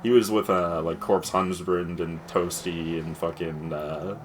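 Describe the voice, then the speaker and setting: Low-voiced, swearing gamer man. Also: a little slow, a little hiss or hum. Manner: animated gossipy storytelling, swears freely, laughs often. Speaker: co-host chatting over a racing game playthrough. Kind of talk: casual gaming chat.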